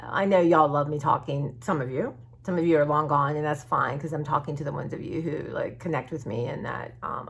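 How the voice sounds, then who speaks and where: A woman with a fairly low, slightly rough voice chats casually to her viewers from home about her art journaling. She rambles openly and warmly, restarting her sentences often.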